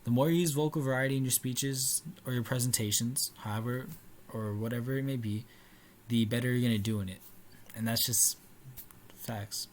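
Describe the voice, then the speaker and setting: A man's voice: mid-range voice, fairly even intonation, normal speed, a little hiss or hum. A young man giving an informal class presentation, casual, with fillers and restarts. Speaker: student presenter.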